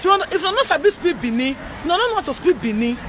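A woman's voice: very high-pitched, big pitch swings, very fast, a faint crowd, slight background noise. A Nigerian woman from Edo, ranting in a heated, pleading way in a vlog, repeating herself as she scolds people. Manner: agitated, pleading, repetitive. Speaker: vlogger.

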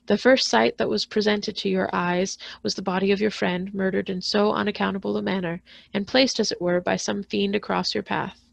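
Woman reading aloud, deep vocal fry. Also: no echo. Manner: steady, measured reading with occasional small slips. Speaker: school librarian reading a novel aloud. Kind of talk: audiobook reading of a classic novel.

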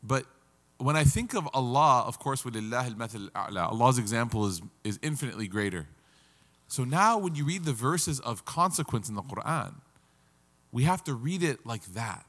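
A man's voice: medium pitch, expressive, quick pace, fairly bright tone. A man giving a casual, story-filled religious lecture, with humor and rising emphasis. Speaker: religious teacher. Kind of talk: conversational lecture. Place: lecture hall. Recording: reverberant hall.

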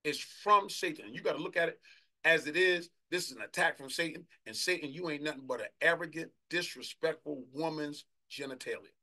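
Fervent preacher with a bright, tense voice. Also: male voice, fairly high pitch. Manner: fervent, shouting bursts, drawn-out scripture reading. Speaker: apostle preaching. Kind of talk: sermon.

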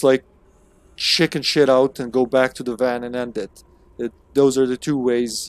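A man's voice: mid-range voice, a little mellow. A man streaming a video game, giving casual, chatty commentary with swearing and laughter. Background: game music.

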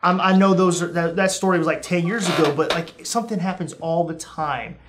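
Over a noisy background, a young man with a voice on the high side talks briskly while hosting a casual podcast. He tells comic stories and reenacts his reactions with sudden leaps in pitch.

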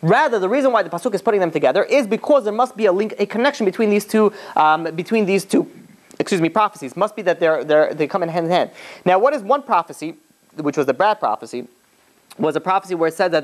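A man, a rabbi, retelling a rabbinic story as a class in a loose, chatty way with frequent restarts and asides. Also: a little high. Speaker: rabbi teaching.

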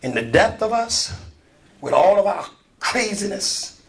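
A man preaching a lively sermon. He retells scripture with call and response, swinging between loud shouts and hushed, quiet storytelling. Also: high voice, unhurried, vocal fry.

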